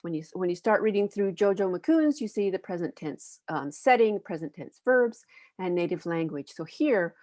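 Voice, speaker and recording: A woman from the United States speaks on a panel about children's books, reflective and earnest, stopping now and then to find the right word. Her voice sits a bit low, and the sound is dry and close with no room echo. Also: lively intonation, moderate pace, a little mellow. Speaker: panelist and educator.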